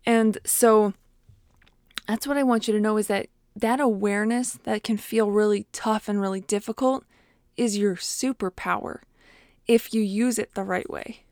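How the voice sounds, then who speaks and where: A woman's voice: mid-range voice, steady tone, normal speed, a little mellow, no room sound, studio quality. A young woman coach talking through emotions in a casual monologue, full of fillers and quoted self-talk.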